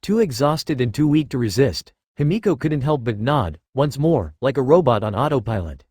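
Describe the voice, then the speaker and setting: A male narrator reads a story aloud in an expressive style, his pitch moving up and down freely. His voice sits in a middle register and is recorded close and dry, with no room echo. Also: moderate pace, breathy edge. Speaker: audiobook narrator. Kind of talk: scripted narration of fan fiction.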